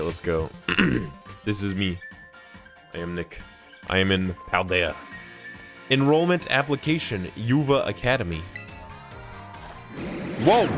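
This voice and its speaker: A young man giving jokey, animated let's play commentary, often breaking into laughs. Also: deep voice. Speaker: gaming YouTuber.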